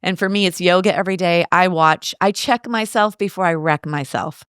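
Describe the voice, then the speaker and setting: A woman in her late fifties from the United States talks in a lively, chatty way. She tells personal stories with rhetorical asides. Her voice sits somewhat low and sounds close and dry. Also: normal speed, smooth, dry recording. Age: 50s. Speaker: guest. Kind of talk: casual interview conversation.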